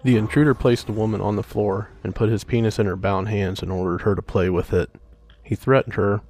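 A man hosting a podcast, introducing the episode and narrating crime details in a steady, even tone. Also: on the low side. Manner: steady, even-toned reading. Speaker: podcast host.

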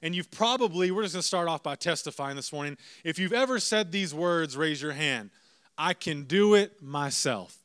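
A man in his thirties preaching a sermon as pastor, telling a story in a lively way and speaking straight to the congregation. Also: on the high side, fairly quick, few pauses, smooth. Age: 30s.

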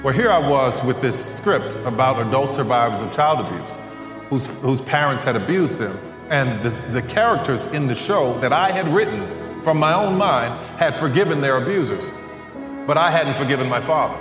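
A man's voice: medium pitch, animated, moderate pace. A man giving an impassioned motivational speech, repeating phrases for emphasis. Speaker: motivational speaker. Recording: echoey hall with live audience and music.

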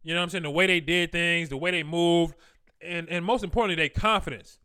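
A man with a fairly high, steady voice speaks fairly quickly in a bright, forceful, clean tone, handing out crude, boastful dating advice. His casual monologue bursts with slang and laughter as he plays out his own conversations.

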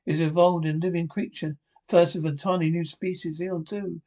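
A man reading a drama script aloud, naming each speaker and reading the stage directions in a flat, halting way. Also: a little high.

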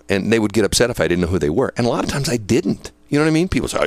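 A man's voice: fairly low pitch, sing-song, very fast, hardly any pauses, no room sound. A man and former police dispatcher telling old work stories in a rambling, casual way, full of fillers and laughter. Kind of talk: casual storytelling.

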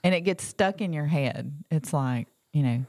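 Woman, low voice, casual chat, dry close mic. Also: moderate pace, no echo. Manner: animated, acts out chants and quotes. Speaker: podcast co-host.

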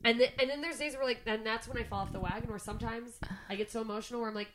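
A woman's voice: a little high, fairly even intonation, racing, a crowd in the background. A woman comedian talking candidly on a podcast, rambling with lots of filler words and swearing.

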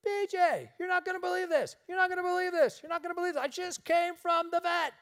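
A preacher voicing an excited, hysterical woman who owns a cat, gushing and shrill. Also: fast talker.

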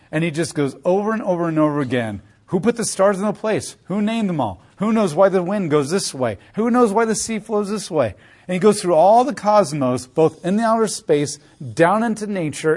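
A man's voice: high voice, lively intonation, normal speed. A man teaching on a Bible book in a conversational, emphatic way, piling up rhetorical questions and repeated phrases.

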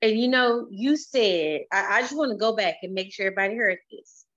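Woman, podcast host, interview questions, mid-pitched, muffled lo-fi recording. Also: animated, a little fast, a bit bright. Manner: hesitant, restarts questions, affirms with "mm-hmm". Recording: dull lo-fi sound.

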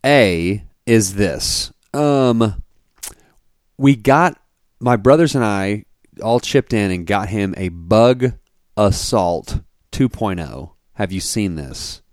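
Male podcast co-host, 30s, low voice, dry close sound, loose animated chat full of fillers. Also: slow, dry recording. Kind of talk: casual chat.

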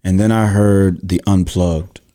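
A man's voice: sits low, steady tone, measured pace, mellow. A man hosting a podcast, asking questions in a thoughtful, storytelling way with restarts. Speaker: podcast host. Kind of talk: casual interview chat.

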